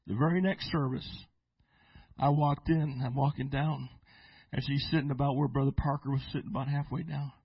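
Pastor guy preaching in church, husky voice, swings from soft storytelling to shouting, dull dry sound. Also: medium pitch, steady tone, no room sound. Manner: preaching with sudden shouted bursts and slow drawn-out phrases; storytelling with restarts and repeated words. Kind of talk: sermon. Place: church sanctuary.

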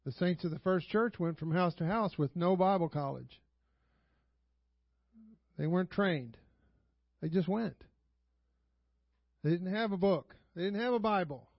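High-voiced preacher man, chatty and dull-sounding. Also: a little slow, vocal fry, long pauses, dry recording. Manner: conversational storytelling with frequent rhetorical questions; chuckles often while preaching. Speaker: pastor. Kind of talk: sermon. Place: church sanctuary.

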